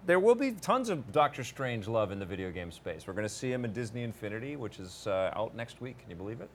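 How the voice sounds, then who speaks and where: A man's voice: mid-range voice, big pitch swings, quick pace, a little hiss or hum. Playful man hosting a casual chat. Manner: playful, teasing, loud opener. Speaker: host.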